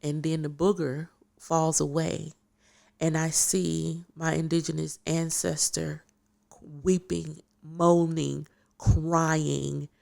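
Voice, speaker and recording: A woman guest telling a personal story in an animated, emphatic way, repeating phrases for effect. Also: low-pitched, gravelly. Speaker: podcast guest.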